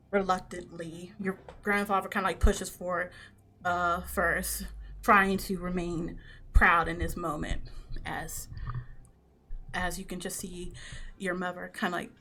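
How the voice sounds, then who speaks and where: A woman's voice: fairly low pitch, sharp tone, a little hiss or hum. A young woman game master narrating a tabletop game in a casual, filler-heavy way.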